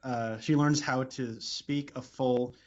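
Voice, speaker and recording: Halting man laughing through a podcast. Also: medium pitch, steady tone. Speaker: podcast co-host. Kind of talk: casual chat. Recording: dull lo-fi sound.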